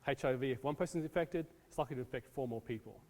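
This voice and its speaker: A man from the United States lectures a room, chatty and loose, dropping plenty of ums between points. His voice sits at an ordinary pitch. The sound carries a long reverb from a large hall. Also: very fast, darkish tone. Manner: casual, talks to audience, many ums. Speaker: disaster preparedness presenter. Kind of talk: classroom lecture.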